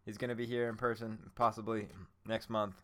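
A man's voice: lowish voice, a little fast. A young man hosting a podcast, chatting loosely about a movie with frequent swearing and bursts of laughter. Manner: excitable, profane, laughing bursts. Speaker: podcast host. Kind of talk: casual movie chat.

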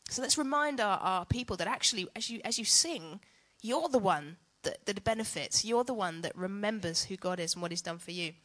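A woman's voice: mid-range voice, expressive, brisk, few pauses, a bit bright. A woman giving a chatty, self-mocking teaching talk on worship to church leaders.

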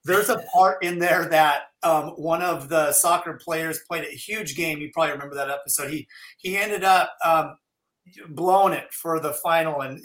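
Bright, enthusiastic man in an echoey room. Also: on the high side. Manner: enthusiastic, retells scenes in quoted voices. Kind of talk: casual chat.

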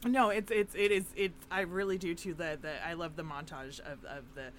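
A woman's voice: on the low side, steady tone, moderate pace, a little hiss or hum. A woman co-hosting a podcast, chatting casually and retelling a film with lots of fillers and laughs. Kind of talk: casual chat recapping a film.

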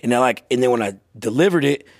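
A man's voice: mid-range voice, animated, fast, creaky, a little mellow, no echo, clean studio sound. A man co-hosting a podcast, telling profane, self-mocking stories in casual banter. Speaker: podcast co-host.

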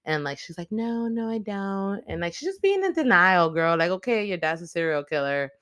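Profane, animated woman recapping a movie. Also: fairly low pitch, fairly quick, clean tone, dry recording, clean studio sound. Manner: profane, animated, slangy storyteller. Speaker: host.

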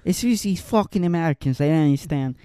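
A man's voice: a little high, lively intonation, very fast, mellow, smooth, no echo, clean studio sound, voice pushed up, natural voice. A man voicing a boastful male street tough from South Wales, in a mock British accent. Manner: boastful, exaggerated.

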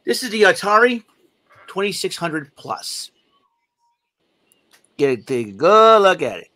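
A podcast co-host rambles casually and enthusiastically while showing off a gadget, filling his talk with plenty of fillers. His voice is high-pitched and sharp, with a sing-song lilt and a measured pace.

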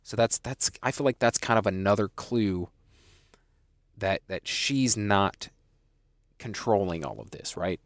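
A man's voice: fairly low pitch, lively intonation, unhurried, pauses often, no echo. Chatty man recapping, dry close sound. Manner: chatty, with frequent restarts and asides. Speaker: podcast host reviewing a TV episode. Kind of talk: casual episode recap.

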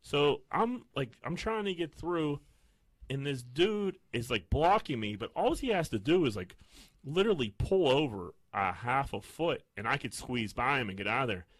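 A man's voice: medium pitch, animated, moderate pace, dry recording. A man telling a rambling, profane story in casual banter among friends.

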